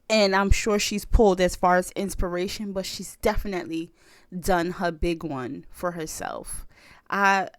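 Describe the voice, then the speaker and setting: Animated woman in casual podcast chat. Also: medium pitch, no echo, studio quality. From United States. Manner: animated storytelling, laughs often. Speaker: podcast co-host.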